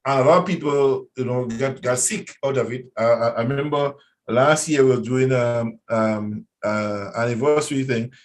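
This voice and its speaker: A man's voice: mid-range voice, steady tone, moderate pace, slight background noise, poor audio. A man, a guest speaking earnestly in a casual radio interview. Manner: earnest, warning tone.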